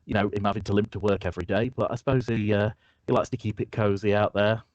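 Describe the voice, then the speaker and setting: A man voicing a friendly, chatty woman who drives a cart, pitching his voice up for her. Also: fairly even intonation, fast talker, a little mellow, dry recording, lo-fi sound, close to an everyday voice. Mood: friendly, curious. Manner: raised pitch for a female voice.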